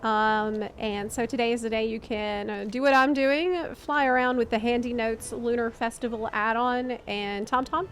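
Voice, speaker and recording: A woman's voice: fairly high pitch, normal speed, few pauses, a little hiss or hum. A woman streaming a video game, chatting casually and reacting expressively. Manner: chatty, expressive, easily moved. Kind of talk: casual live-stream chat while playing.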